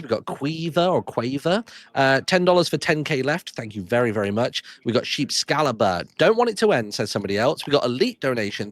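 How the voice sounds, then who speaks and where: A man hosting a charity livestream, reading out donor names one after another with quick thanks and little asides. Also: mid-range voice, no echo. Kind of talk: live donation readout.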